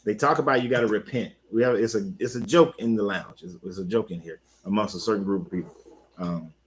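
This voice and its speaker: A man talking casually on his own, an animated coach who repeats himself and talks back to the listener. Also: lowish voice, fast, slight background noise, rough recording. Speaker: life coach. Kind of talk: casual monologue.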